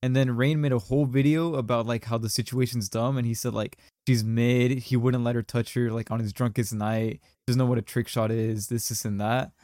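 Brisk and barely pausing, a young podcast host tells a rambling story loaded with slang and filler words. His medium-pitched voice is warm but flat in delivery, captured in studio quality with no room sound.

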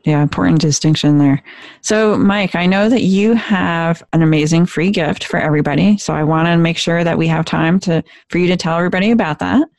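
A woman's voice: fairly low pitch, brisk, vocal fry, darkish tone, dry recording. A woman hosting an interview, affirming and encouraging her guest. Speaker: host. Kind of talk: interview conversation.

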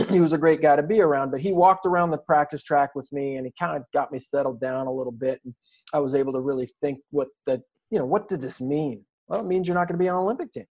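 A man's voice: fairly high pitch, fast, a little mellow. A man telling his story in an interview, earnest and reflective, often restarting his sentences. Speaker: guest athlete. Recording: dull lo-fi recording.

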